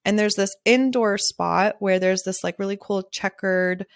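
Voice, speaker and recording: A woman's voice: medium pitch, fairly even intonation, unhurried, no echo, studio quality. A woman hosting a casual solo podcast as a wedding photographer, talking candidly and chattily, laughing often and swearing freely.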